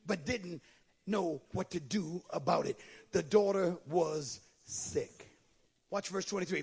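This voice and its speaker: A man preaching a sermon, swinging from shouted lines to low asides. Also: expressive, slow, gravelly, slightly rough. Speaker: pastor.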